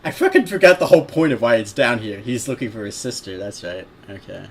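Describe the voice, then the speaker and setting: A man's voice: medium pitch, lively intonation, a little fast. Offhand man reading aloud. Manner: laughing, swearing, rambling asides. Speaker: reader. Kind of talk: casual read-aloud with commentary.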